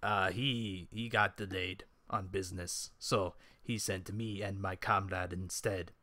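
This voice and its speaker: A stiff, hesitant adventurer, as a game master plays him, answering in halting, formal phrases. The voice sits a little lower than a man's usual talk and sounds bright, with a dry, close recording. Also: steady tone, dry recording.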